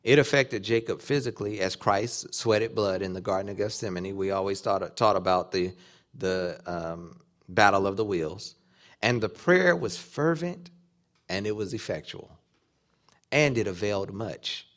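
A man's voice: on the low side, unhurried, fairly bright tone. A man preaching a sermon, acting out quoted dialogue as he teaches. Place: church or conference hall.

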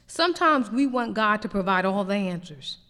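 A woman preacher delivering a lively, emphatic sermon. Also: medium pitch, moderate pace, big-room sound. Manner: animated preaching with rising emphatic peaks.

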